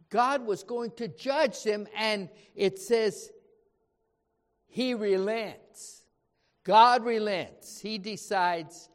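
Man, preacher, sermon, high voice, emphatic, rhetorical questions, echoey hall. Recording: reverberant hall.

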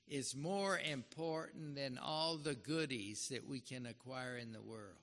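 A man's voice: medium pitch, unhurried, few pauses, a bit bright. A man giving an earnest, dramatic sermon and acting out the scripture he quotes. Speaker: preacher. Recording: reverberant hall.

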